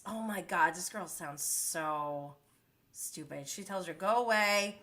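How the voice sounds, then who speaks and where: A woman in her thirties with a bright, sharp voice, ranting through a reality show recap on her live stream. She swings between disbelief and exasperation and slips into quick impressions of the cast as she goes. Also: lowish voice. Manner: animated, exasperated, mimics the cast. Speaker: reality TV commentator.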